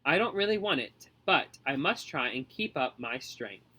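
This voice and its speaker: A man's voice: medium pitch, sing-song, moderate pace, sharp tone, husky, exaggerated voice, rough recording. A man voicing a whiny, pampered nine-year-old boy who wails and pities himself. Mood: wheedling. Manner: wailing, self-pitying.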